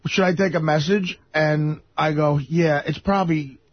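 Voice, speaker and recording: A man, a regular on a radio show, telling a story in animated casual talk, acting out the quotes and laughing through it. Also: on the high side, normal speed. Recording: dull lo-fi radio broadcast.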